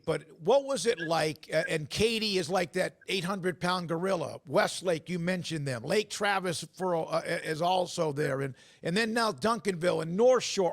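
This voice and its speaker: High-voiced male sports show host. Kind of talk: interviewing a guest.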